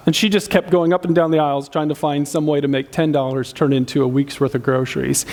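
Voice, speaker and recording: A man preaching a sermon as pastor of a church, telling a story earnestly and often restarting his sentences. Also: a little high.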